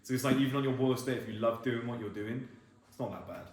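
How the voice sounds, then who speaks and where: A man's voice: mid-range voice, fast. A British man telling a story in casual, chatty conversation. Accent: British English. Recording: echoey room with faint noise.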